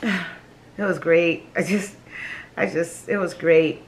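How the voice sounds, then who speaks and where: A woman's voice: on the low side, steady tone. Emotional woman telling a personal story. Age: adult with children. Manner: emotional, halting, repeats words, laughs between phrases. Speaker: vlogger sharing a personal story.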